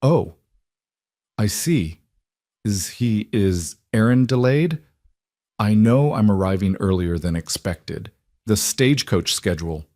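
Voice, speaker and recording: A man's voice: lowish voice, lively intonation, slow, long pauses, dry recording, studio quality. A man voicing a refined young woman in her twenties who is fearful and insistent. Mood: confused. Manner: sharp, pleading delivery.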